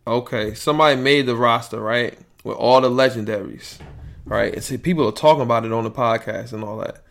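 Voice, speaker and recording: Gravelly New podcast host. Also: male voice, mid-range voice, brisk, a bit bright. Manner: rambling, loose and profane. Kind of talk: casual podcast chat.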